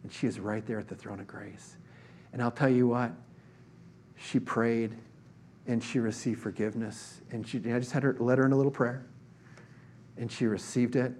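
A man's voice: mid-range voice, fairly even intonation, moderate pace, pauses often, darkish tone, slight background noise. A man preaching a sermon, telling a personal story in a conversational way with many fillers and restarts. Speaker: pastor.

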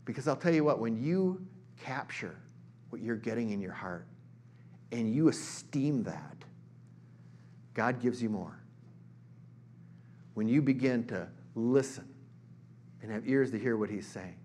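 A middle-aged man preaching in an easy, conversational way, his voice at an ordinary middle pitch. He rises into emphatic bursts, and a faint hum sits behind him throughout. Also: moderate pace, a little mellow. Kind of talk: sermon.

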